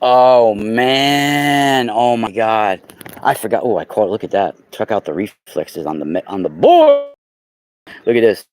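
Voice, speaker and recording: A man chatting casually on a livestream, exclaiming loudly and talking straight to his viewers while selling crystals. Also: lowish voice, measured pace. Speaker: crystal seller and podcaster. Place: indoors at home.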